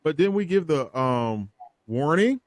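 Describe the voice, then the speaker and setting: Loud teasing guy on a podcast, swoops up and down a lot, dry sound. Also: on the high side, a little slow, no echo. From Chicago. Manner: boisterous, teasing, lively slang. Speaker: podcast co-host. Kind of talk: casual chat.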